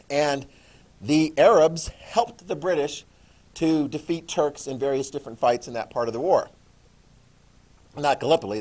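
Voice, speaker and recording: Lively man lecturing a class. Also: medium pitch. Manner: lively, keeps checking in with "okay?" and questions. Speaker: teacher.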